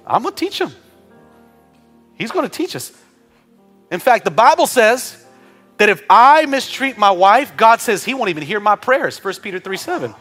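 A man's voice: sits high, normal speed, soft background music. A man preaching a sermon as pastor, joking with the congregation, calling for amens and leading a prayer. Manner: animated preaching with humor and call-and-response. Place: church with several campuses, also streamed online.

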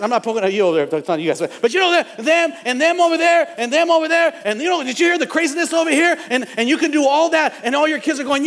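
High-voiced pastor preaching in a reverberant hall. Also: male voice, lively intonation, racing, hardly any pauses. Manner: fiery preaching that builds to shouting, with repeated phrases. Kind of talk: sermon. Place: church sanctuary.

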